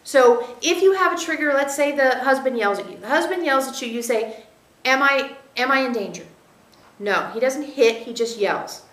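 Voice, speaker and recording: Woman channeler, high voice, measured teaching tone, roomy echoey recording. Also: lively intonation, a bit bright. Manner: measured, explanatory, speaks as "we", checks in with listeners. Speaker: channeler giving a spiritual teaching. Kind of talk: channeled spiritual teaching to a group. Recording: roomy echo.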